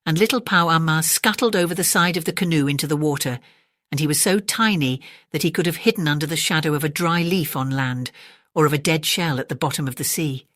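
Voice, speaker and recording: A calm storyteller reads a classic children's tale at bedtime in a mid-pitched voice. The recording is dry and close, with no room echo. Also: a little fast.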